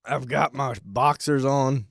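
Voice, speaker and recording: A man's voice: mid-range voice, fairly even intonation, slow, creaky, a bit bright, dry recording, clean studio sound. A man co-hosting a talk podcast, joking and teasing his co-host in casual chat. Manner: wisecracking, teasing interjections. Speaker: radio show co-host.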